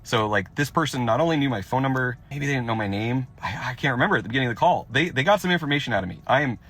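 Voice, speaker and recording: A man's voice: medium pitch, animated, very fast, a bit bright. Rattled man, breathless and rambling. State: shaking, rattled. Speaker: dentist. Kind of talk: shaken first-person account to camera. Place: outside a gas station.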